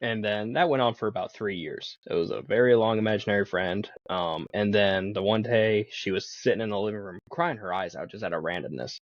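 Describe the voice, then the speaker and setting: Podcast guest, a man with a lowish voice; loose, chatty storyteller, slightly muffled dry sound. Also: a little fast, few pauses, no room sound. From Pennsylvania. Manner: rambling, laughs often, swears casually. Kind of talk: casual storytelling.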